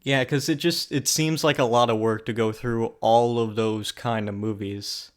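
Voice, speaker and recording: A man hosting a casual interview show, asking guests questions in a relaxed, self-deprecating way. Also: mid-range voice, normal speed. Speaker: host.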